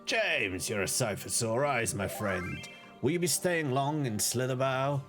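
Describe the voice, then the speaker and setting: A man's voice: mid-range voice, lively intonation, a bit bright, faint music behind. A British man voicing a formal, courteous male knight leader in a video game. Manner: measured, formal delivery.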